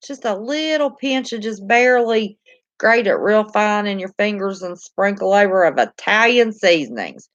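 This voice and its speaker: A woman's voice: medium pitch, animated, normal speed, fairly bright tone, no room sound, lo-fi sound. A woman with a Southern American accent chatting casually on a live stream, reading and answering viewer comments in a homey, talkative way and laughing easily. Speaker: channel host reading live chat.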